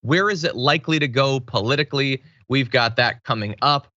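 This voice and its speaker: Guy hosting a news talk show, bright voice, bouncy and jokey, dry dullish mic. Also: medium pitch, a little fast, no room sound, lo-fi sound. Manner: jokey, animated, laughs often. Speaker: host. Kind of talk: casual news show banter.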